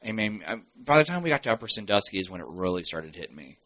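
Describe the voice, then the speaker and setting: Lively, bright male radio co-host. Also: low-pitched, quick pace. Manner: animated storyteller, laughs easily. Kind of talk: casual radio chat.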